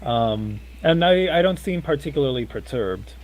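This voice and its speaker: Polite man playing a character. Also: medium pitch. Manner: polite, measured questioning in character. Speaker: player. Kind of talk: in-character tabletop role-play.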